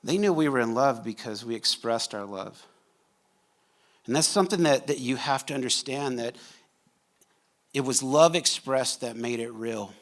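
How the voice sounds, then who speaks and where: A man's voice: medium pitch, normal speed, pauses often. A man, a pastor preaching a sermon to his congregation in a church, talking casually and joking with the room. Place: church sanctuary.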